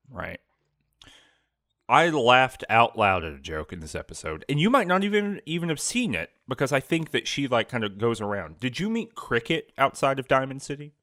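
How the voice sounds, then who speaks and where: A man's voice: mid-range voice, fairly bright tone, dry recording, clean studio sound. A man co-hosting a podcast, chatting casually about a video game in a rambling, playful way. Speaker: podcast co-host. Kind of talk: casual gaming chat.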